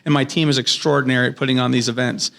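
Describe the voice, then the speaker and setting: A man in his thirties or forties talks casually as a podcast guest. His voice sits at an ordinary middle pitch. He tells stories earnestly and enthusiastically, acting out bits of dialogue as he goes. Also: level tone, racing, gravelly, fairly bright tone. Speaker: podcast guest, business owner. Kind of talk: casual interview storytelling. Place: podcast studio.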